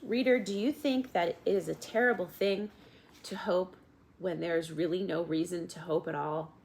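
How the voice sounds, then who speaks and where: A woman narrating a storybook in a gentle, measured way, at times addressing the reader directly. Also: on the low side, fairly even intonation, creaky, slight background noise. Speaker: audiobook reader.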